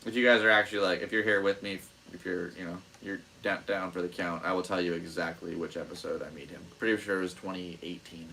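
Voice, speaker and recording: A young man hosting his own podcast alone, chatting in a rambling, excitable, self-deprecating way. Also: low-pitched, fast, gravelly, few pauses, slight background noise, rough recording. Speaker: podcast host. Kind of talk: rambling solo podcast chat.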